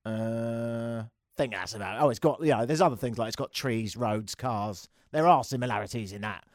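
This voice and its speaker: A man's voice: mid-range voice, normal speed, no room sound, clean studio sound. A man with an English accent hosting a call-in radio show, talking in a sarcastic, wry and rambling way. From England. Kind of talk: talk radio monologue.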